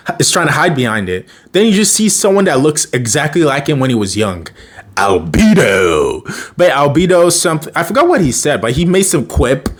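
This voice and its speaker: A man casually recapping a cartoon episode in a rambling way, with lots of fillers and restarts. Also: medium pitch. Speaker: cartoon reviewer.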